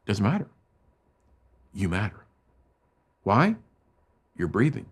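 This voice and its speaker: A middle-aged man giving an emotional storytelling talk to students as a motivational speaker, swinging between loud emphatic bursts and hushed low lines. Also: sing-song, a little slow, long pauses, slightly rough.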